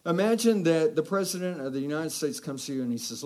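A man from Texas preaching with a fairly high voice. He exhorts his listeners with repeated rhetorical questions and rising, animated calls. The delivery sways between quiet storytelling and fired-up appeals. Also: quick pace. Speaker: pastor. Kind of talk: sermon.

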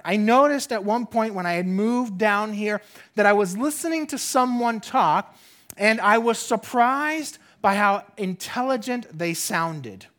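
Pastor preaching, earnest, says things twice for weight, goes quiet and soft a lot, mid pitch. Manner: earnest, repeats phrases for emphasis; often drops to a soft, quiet voice. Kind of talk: sermon.

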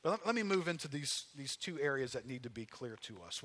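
A man's voice: medium pitch, big pitch swings, fast, hardly any pauses, pushed and bright, in a large hall. A man preaching a sermon as pastor in a church, talking in an earnest, conversational way with frequent restarts. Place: church sanctuary.

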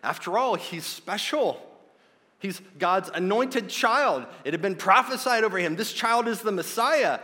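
A man preaching a sermon, earnest and emphatic, slowing down to stress key points. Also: sits high, expressive, bright, forceful tone. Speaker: pastor. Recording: long hall reverb.

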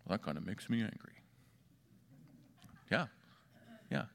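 A male pastor delivering a sermon with a very animated, rising and falling voice. He hammers home rhetorical questions and drops to a near hush to stretch out key words. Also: on the low side, creaky. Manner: emphatic, asks the congregation repeated rhetorical questions; swings between loud stress and hushed, drawn-out words.

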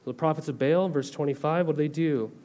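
A man preaches in a relaxed, conversational way, reading a passage of scripture and then unpacking it with casual comparisons. His speaking voice sits a little high for a man. He keeps checking in with his listeners through rhetorical questions. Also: quick pace. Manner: reads scripture aloud, then explains it in everyday terms. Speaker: pastor. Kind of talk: sermon teaching.

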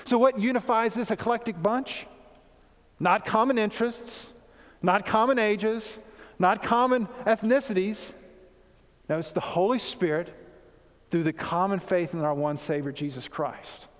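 A pastor preaching a sermon in earnest, emphatic tones, repeating key points for weight. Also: male voice, high voice, unhurried, in a large hall.

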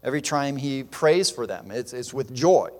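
A man's voice: mid-range voice, expressive, normal speed. A man preaching a sermon in an earnest, emphatic way, with fillers and restarts. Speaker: pastor. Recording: long hall reverb.

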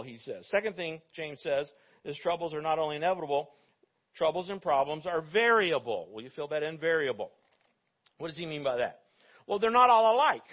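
A male pastor preaching a sermon in a conversational way, with joking asides to his congregation. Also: sits high. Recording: dull lo-fi recording.

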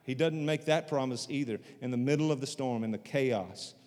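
A man's voice: medium pitch, moderate pace, a little mellow, long reverb tail. A man preaching a sermon in a conversational way, repeating phrases for emphasis. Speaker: pastor.

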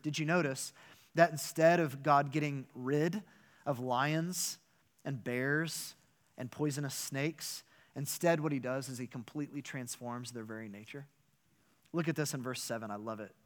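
A man, a pastor, delivering a sermon with animated, emphatic storytelling and rhetorical questions. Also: a little high.

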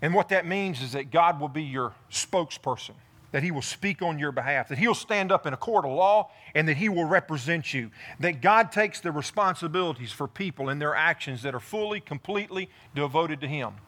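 Male pastor, sermon delivery, bright and a touch high-pitched, animated storytelling. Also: a little fast. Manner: animated preaching, voicing David in first person. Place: church in front of a congregation.

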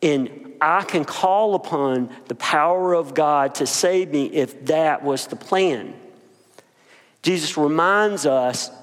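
A man's voice: a little high, in a large hall. A male pastor preaching a conversational sermon, with fillers and casual asides between scripture readings.

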